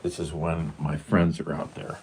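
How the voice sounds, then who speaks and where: A man's voice: a bass voice, level tone, moderate pace, a little mellow, slight background noise. A man voicing his male house cat, which is cheeky and whines to be let out. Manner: whiny pleading to be let out.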